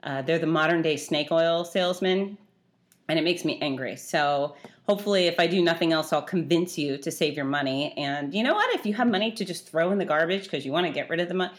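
A woman's voice: low voice, fairly quick. A middle-aged woman hosting her own podcast, talking chattily and bluntly, ranting with feeling. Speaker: podcast host. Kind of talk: casual solo podcast monologue.

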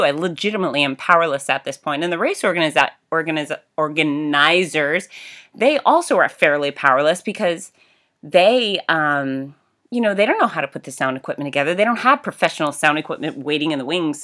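A middle-aged woman telling a story in a casual, animated way, with laughs and exclamations. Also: low-pitched. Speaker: race announcer and fitness host.

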